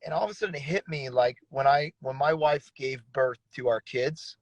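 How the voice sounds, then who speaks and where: Earnest pastor with a gravelly voice. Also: male voice, medium pitch, moderate pace, no room sound, rough recording. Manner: earnest, casual, uses slang like bro and dude. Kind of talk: personal testimony in conversation.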